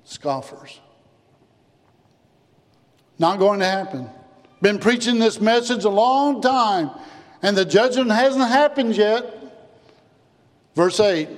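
A man preaching a sermon as pastor, emphatic, repeating phrases and dropping low and soft on key words. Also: animated, takes it slowly, pauses often, long reverb tail. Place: church.

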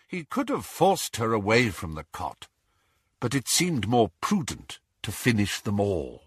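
A man narrating an audiobook with slow, dramatic delivery. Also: fairly low pitch, huge pitch swings, slightly rough, no echo, clean studio sound.

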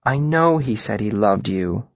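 A male narrator voicing a calm young woman who speaks quietly and gently. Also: mid-range voice, measured pace, breathy edge, no echo, lo-fi sound. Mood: gentle.

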